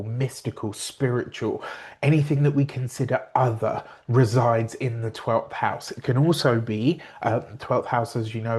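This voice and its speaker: A man with a mid-pitched voice hosts a talk on astrology. He explains things in an earnest, rambling way, with fillers and quick corrections, and he drops into a slower pace when he wants a point to land. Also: a little mellow. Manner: meandering and earnest, slows down to stress points, with fillers and self-corrections. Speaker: astrologer and tarot reader. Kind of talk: casual spoken explanation to camera.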